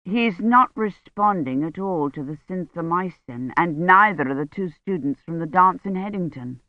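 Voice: mid-range voice, lively intonation, normal speed, dry recording, natural voice. Reader doing a worn-out older lady doctor, clipped and weary, kinda muffled. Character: tired grey-haired woman doctor, brisk and worried.

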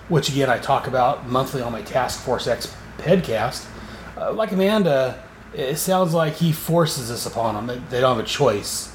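A male podcast host rambles through a casual comic book recap, full of fillers and restarts. His medium-pitched voice comes with a little hiss or hum, in an echoey room with faint ambience.

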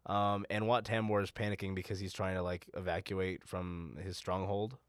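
A man with a fairly low voice chats loosely on a podcast. He rambles through a recap, laughs often, and breaks into goofy impressions. The sound is close and dry, with no room around it. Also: flat delivery, clear, resonant tone, no echo. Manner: laughing, rambling, doing quick silly character voices. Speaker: podcast co-host. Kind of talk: casual chat recapping a show.

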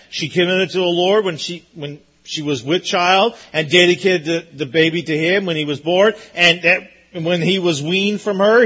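A man's voice: a little high, fairly bright tone, husky, dull audio. A man preaching a sermon in an earnest, emphatic way, often repeating his points. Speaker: pastor.

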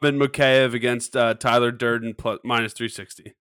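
A man's voice: medium pitch, fairly even intonation, a little fast, a bit bright, clean tone, dry recording, studio quality. A man teasing his co-hosts with sarcastic jokes on a casual podcast. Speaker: podcast regular.

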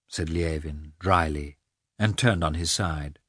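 A man narrating a novel in a measured, expressive reading, recorded close to the mic. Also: extremely low pitch, slightly rough, no echo. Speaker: audiobook narrator. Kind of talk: scripted narration.

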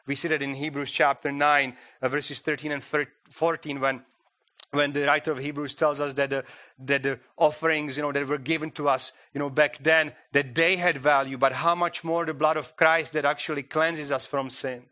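Man preaching in church, bright voice, a bit high, chatty delivery, lots of fillers and restarts. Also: flat delivery, moderate pace. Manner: conversational, frequent "you know" fillers and restarts. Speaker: guest preacher. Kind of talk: sermon.

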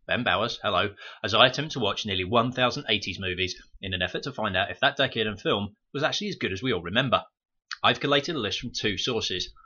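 Wry man with a bright voice. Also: fairly low pitch. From United Kingdom. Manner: wry, sarcastic asides. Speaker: podcast host. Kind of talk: scripted review narration. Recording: muffled home microphone.

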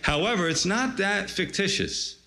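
A man's voice: high voice, animated, moderate pace, pushed and bright. A male pastor delivering a sermon in a conversational storytelling way, often saying "you see.".

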